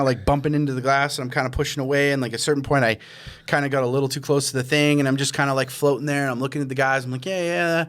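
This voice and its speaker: A man hosting a podcast, telling a long story in casual chat, rambling with lots of fillers and acting out his own quoted reactions. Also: fairly high pitch. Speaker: podcast host.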